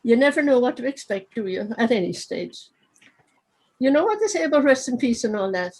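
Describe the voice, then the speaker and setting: A woman's voice: on the high side, big pitch swings, a little fast, darkish tone, poor audio. A woman with a Cork accent reading aloud from her novel as a dead man who narrates wryly from his urn, over a video call. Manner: wry, chatty storytelling.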